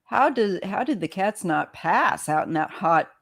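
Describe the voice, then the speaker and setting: A woman's voice: medium pitch, animated, a little slow, a bit bright. A woman in casual conversation, reacting supportively and sharing her own stories. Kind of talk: casual chat.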